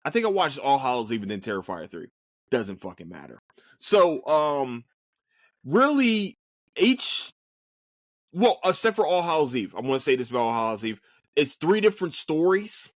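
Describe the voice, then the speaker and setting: A man's voice: mid-range voice, sing-song, normal speed, dry recording, studio quality. A young man hosting his own podcast, ranting in a casual, profane, heated way, his voice leaping up when angry and stammering over restarts. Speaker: podcast host. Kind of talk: casual solo podcast rant.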